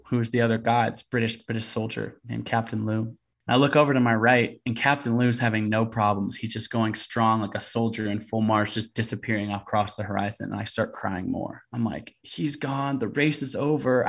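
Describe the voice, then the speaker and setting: Podcast guest, a man with a lowish voice, earnest storyteller. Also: gravelly. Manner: earnest storytelling, many "you know" fillers. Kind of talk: storytelling interview.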